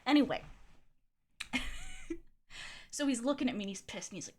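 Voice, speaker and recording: A woman's voice: on the high side, expressive, moderate pace. A young adult woman streamer telling a personal story in a candid, chatty way, swearing freely and filling with "like". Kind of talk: casual storytelling.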